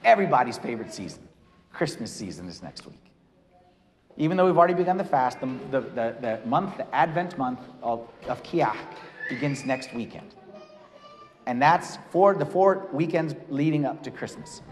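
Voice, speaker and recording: A man, a priest, giving a lively, conversational sermon with casual asides in a church. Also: mid-range voice, normal speed, big-room sound.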